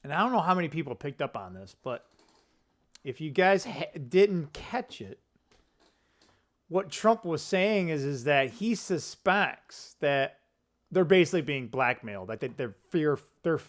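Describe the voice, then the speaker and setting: Hosting a political commentary channel, an opinionated man vlogs casually and off the cuff about current events. His slightly high voice swings widely in pitch with lively intonation as he rambles, corrects himself and throws in quick asides.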